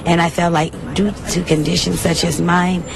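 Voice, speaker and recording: Gravelly low-voiced woman interviewee. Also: flat delivery, moderate pace. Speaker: bus rider interviewee. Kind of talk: street interview. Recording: outdoor interview with traffic noise.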